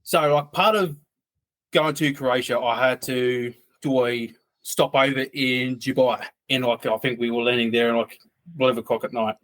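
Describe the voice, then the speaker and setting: A man's voice: mid-range voice, fairly even intonation, moderate pace, fairly bright tone. A man, a podcast guest telling a story in a loose, rambling way. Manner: rambling, loose, full of "like" asides. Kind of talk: casual storytelling.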